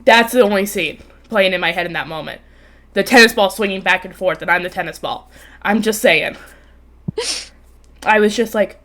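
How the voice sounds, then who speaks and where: A young woman in her twenties hosting a podcast, telling a story in casual chat, animated, swearing freely and laughing often. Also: medium pitch, normal speed, long pauses. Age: 20s. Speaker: podcast host. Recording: remote call, co-host audio cutting out.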